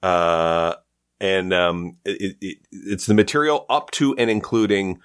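Deep, smooth and slow, this male comedian from Canada trades stories in a casual chat. He tells them with animation, performing the quoted lines.

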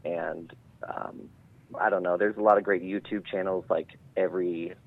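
A man's voice: sits low, steady tone, moderate pace. A man, a game master guest, chatting casually and hesitantly on a podcast. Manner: hesitant, many fillers and restarts. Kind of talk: casual chat. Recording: tinny phone-like line.

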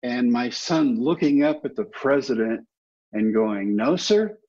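A man in his fifties, a former ballplayer, telling animated stories as a podcast guest and acting out the quotes. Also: medium pitch, a little slow. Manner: animated anecdotes with acted-out quotes. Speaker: guest, former baseball player. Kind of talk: storytelling interview. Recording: dull lo-fi podcast audio.

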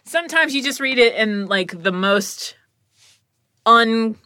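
A woman voice actress chatting casually, with a bright, forward voice. She tells lively stories and acts out what people said, laughing often. The sound is dry and close. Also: a little high, takes it slowly, no room sound. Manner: animated storyteller, acts out quotes, laughs often. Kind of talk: casual chat.

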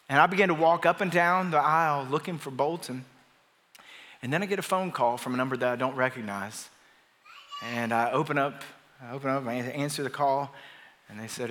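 Brisk, bright and pushed, with a fairly high pitch, a middle-aged Atlanta-area pastor preaches in a large church auditorium. He moves from conversational storytelling to forceful declarations, all ringing with the long reverb of the hall.

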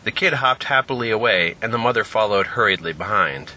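A man narrating a scripted story in an expressive, lively way. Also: fairly low pitch, fairly quick. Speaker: narrator and podcast host.

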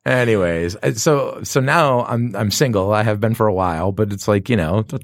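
A man's voice: lowish voice, normal speed, dry recording, clean studio sound. A man hosting a podcast, rambling through stories, laughing often and poking fun at himself. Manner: rambling storyteller, laughs often, self-deprecating. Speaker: podcast host. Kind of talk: casual chat.

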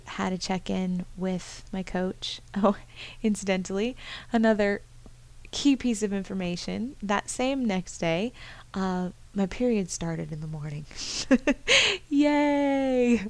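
A woman's voice: mid-range voice, a little mellow. A woman hosting a personal podcast monologue, candid and self-deprecating, often laughing at herself. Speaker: podcast host.

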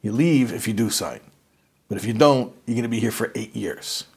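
A man voicing a stern, menacing prison camp commander in a retold story, with a husky voice. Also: on the low side, animated, normal speed, a little mellow, full character voice. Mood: threatening.

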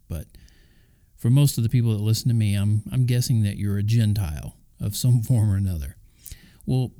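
A man's voice: medium pitch, dark tone. A man hosting a Christian talk, speaking conversationally with casual asides and the odd chuckle. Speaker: Christian podcast host.

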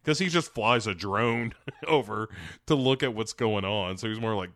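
A man co-hosting a podcast, recapping a film in casual, animated chat and acting out lines in quick voices. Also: lowish voice, no room sound, clean studio sound. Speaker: podcast co-host.

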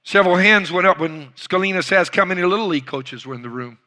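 A man preaching a sermon, retelling a story with dramatic swings from loud bursts to hushed lines. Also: sits high, animated, fast. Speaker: pastor.

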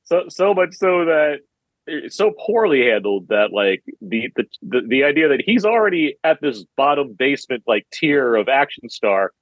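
A man's voice: medium pitch, sing-song, normal speed, no room sound, rough recording. A man guesting on a film podcast, chatty and laughing, often restarting his sentences. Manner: chatty, laughs a lot, stumbles and repeats words. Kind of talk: casual film podcast chat.

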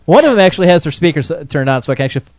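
A man's voice: a little high, sing-song, rapid-fire, heavy background noise. A man hosting a podcast in casual chat, full of bawdy, teasing banter. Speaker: podcast host.

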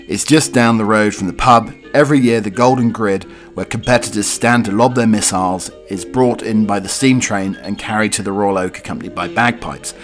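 Guy with a cold doing a podcast, lowish voice, wanders off into rambly asides. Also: brisk, hardly any pauses, faint music behind. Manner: rambling asides with many fillers. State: has a cold. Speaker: podcast host. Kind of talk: casual monologue reading news stories.

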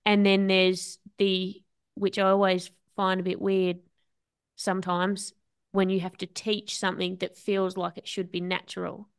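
A woman's voice: mid-range voice, completely flat delivery, a little slow, clear, resonant tone. A woman with an Australian accent, hosting a podcast and chatting reflectively, thinking aloud. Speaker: podcast host. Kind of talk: casual conversation.

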